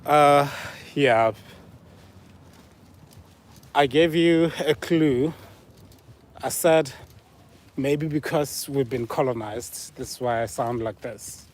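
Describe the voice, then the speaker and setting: Slow-talking Southern African man. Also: mid-range voice. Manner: playful, teasing, answering chat guesses. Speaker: livestream host reading chat. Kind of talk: casual live-stream chat.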